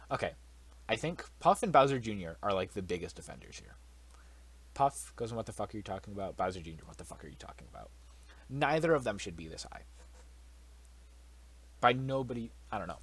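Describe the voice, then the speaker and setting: Young man, casual solo commentator, blunt and sweary, pitch leaps around a lot. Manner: blunt, swears freely, animated incredulous outbursts.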